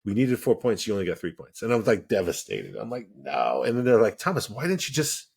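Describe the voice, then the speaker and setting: A man's voice: lowish voice, big pitch swings, brisk, creaky, a little mellow, husky. A man co-hosting a podcast, telling a story in casual chat and animatedly acting out the dialogue. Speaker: podcast co-host.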